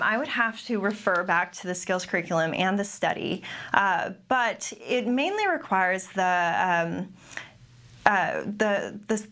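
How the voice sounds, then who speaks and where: A young adult woman, a behavior analyst, gives a webinar talk and answers questions, with many pauses and restarts. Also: lowish voice, fairly bright tone. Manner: careful, with frequent ums and restarts. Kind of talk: webinar presentation with Q&A.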